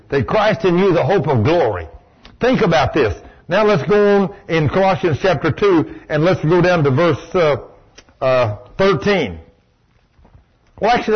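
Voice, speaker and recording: A preacher with a high, husky voice delivers a folksy, emphatic sermon. He acts out the voices of the people he quotes. The recording sounds dull and lo-fi.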